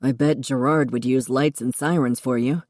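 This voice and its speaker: A woman's voice: very deep voice, fairly even intonation, moderate pace, a little mellow, no echo, studio quality, pitched below the performer's own voice. A woman narrator voicing a friendly male police officer who talks reassuringly. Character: friendly male small-town cop.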